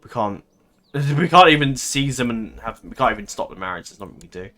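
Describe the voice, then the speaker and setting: A man's voice: mid-range voice, lively intonation, fairly quick, bright, forceful tone. A man giving casual let's-play commentary, thinking aloud in a rambling way, swearing and laughing easily. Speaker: gaming commentator.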